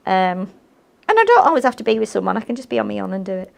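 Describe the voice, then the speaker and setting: A woman's voice: mid-range voice, very animated, quick pace, gravelly. A woman demonstrating crafts on a live show, talking in a chatty, rambling, self-mocking way. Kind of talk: live shopping craft demo chat.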